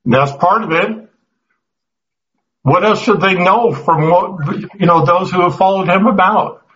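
A man's voice: sits high, a little slow, a bit bright, muffled recording, slight background noise. A man teaching a Bible class, earnest, often restarting his words and putting questions to the group.

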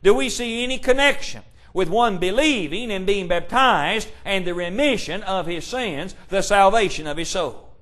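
A man's voice: high voice, moderate pace, pushed and bright. A man preaching a sermon, emphatic and full of rhetorical questions, quoting scripture in old-fashioned wording.

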